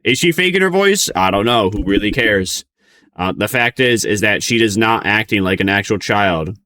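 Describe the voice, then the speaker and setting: A man's voice: on the low side, fairly even intonation, moderate pace, bright, forceful tone. A man streaming casual reaction commentary, rambling with frequent laughs and mocking sing-song outbursts.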